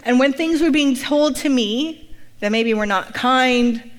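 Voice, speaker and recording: Woman, middle-aged, pastor, higher-pitched voice, lively storytelling, testimony talk. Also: slow pace, long reverb tail.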